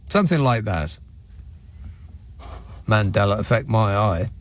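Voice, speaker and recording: Radio phone-in host, male, dry deadpan wit, mid-pitched studio voice. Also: moderate pace. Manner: dry, self-mocking, deadpan asides. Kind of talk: late-night radio phone-in chat. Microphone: studio microphone.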